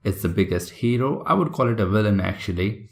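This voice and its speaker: A man's voice: fairly low pitch, fairly quick, vocal fry. A man teaching a recorded test lesson, explaining patiently and checking in with listeners. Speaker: English test tutor.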